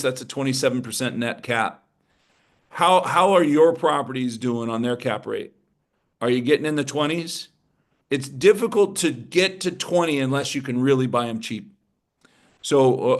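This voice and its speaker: A man teaching a room of investors in a lively, emphatic seminar style. His voice sits at an ordinary middle pitch for a man. He keeps pulling listeners in with rhetorical questions and punchy points. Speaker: real estate investing instructor.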